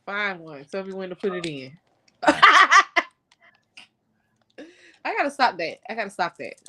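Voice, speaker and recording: A woman's voice: medium pitch, huge pitch swings, measured pace, sharp tone. A woman chatting casually on a livestream, playful and blunt, laughing often. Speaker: guest.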